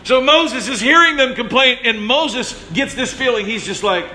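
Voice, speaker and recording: A man preaching a sermon as pastor, telling the story with animated voices and calling on listeners by name. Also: very high voice, normal speed, slight background noise, low-quality recording. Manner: speaks directly to congregation members by name.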